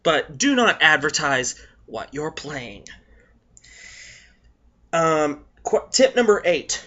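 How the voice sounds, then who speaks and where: A hoarse young man giving blunt, profane tips to his viewers in a casual vlog, coughing between points. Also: a little high, big pitch swings, slow pace, bright, forceful tone. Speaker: vlogger. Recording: dull lo-fi recording.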